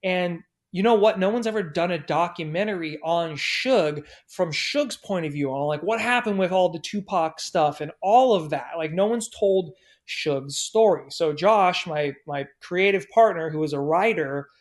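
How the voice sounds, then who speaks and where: Male podcast guest, 30s, high-pitched storyteller who curses and acts out his characters. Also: normal speed, hardly any pauses. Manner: profane, animated, acts out quoted people. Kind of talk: casual anecdote storytelling.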